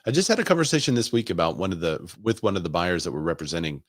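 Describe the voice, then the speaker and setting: A man's voice: sits low, very animated, very fast, dry recording, studio quality. A man who works as a real estate agent, hosting a casual live stream and thinking aloud as he asks viewers for their opinions.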